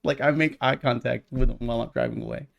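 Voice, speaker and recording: A man's voice: medium pitch, steady tone, fast talker, gravelly, highs cut off. A man co-hosting a podcast, telling a heated story in casual, profane chat. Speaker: podcast co-host.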